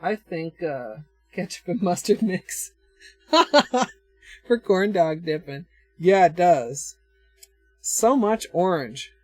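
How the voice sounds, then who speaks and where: Slow-talking Minnesotan woman streamer. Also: on the low side, expressive, mellow, no echo, faint music behind. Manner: thinks aloud, chatty, answers chat, chuckles often. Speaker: nail art livestreamer. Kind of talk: casual livestream chat while demonstrating.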